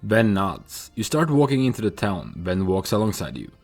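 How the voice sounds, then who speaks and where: A man playing a text adventure game, reading the story out and musing over his choices with hesitant pauses. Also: on the low side, very animated, a little mellow, faint music behind. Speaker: player narrating a text adventure. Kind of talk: reading and thinking aloud.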